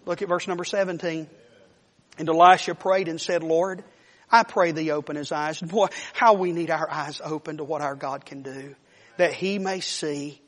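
A man preaching a sermon, telling a Bible story in an animated way and acting out the characters' voices. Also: high-pitched, normal speed. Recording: long reverb of a large hall.

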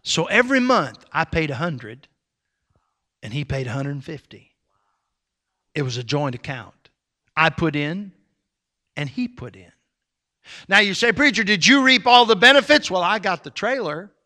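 A male pastor telling a story in a sermon, folksy and animated, with sudden loud swells of emphasis. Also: a little high, measured pace, long pauses.

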